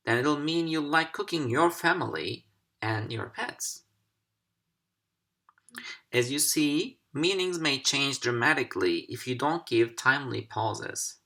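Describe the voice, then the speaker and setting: A man teaching English over slides, speaking slowly and deliberately with careful pauses. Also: mid-range voice, expressive, pushed and bright. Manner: slow, deliberate, carefully paced. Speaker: English language instructor. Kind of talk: slide-based recorded lesson.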